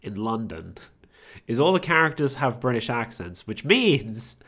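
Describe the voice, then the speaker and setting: A man's voice: medium pitch, sing-song, measured pace, fairly bright tone. A man from Australia with an Australian accent, giggling as he reads and comments on a video game. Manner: giggly, laughs often. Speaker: streamer. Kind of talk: gaming commentary.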